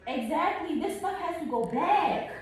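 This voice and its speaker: A woman's voice: extremely high pitch, lively intonation, unhurried. A woman insisting and repeating herself in a casual argument, caught on a phone video. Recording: echoey, distant phone video with faint noise.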